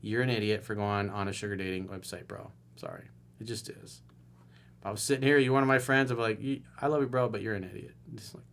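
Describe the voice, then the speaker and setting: A man's voice: fairly low pitch, steady tone, brisk, fairly bright tone. Blunt sarcastic middle-aged man. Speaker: relationship coach. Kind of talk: solo video commentary reading a viewer email.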